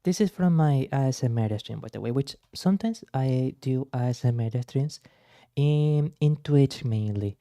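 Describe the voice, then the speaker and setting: A man streaming as a VTuber, reacting to clips in a soft-spoken, somewhat formal way. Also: mid-range voice, animated, moderate pace, no room sound, studio quality.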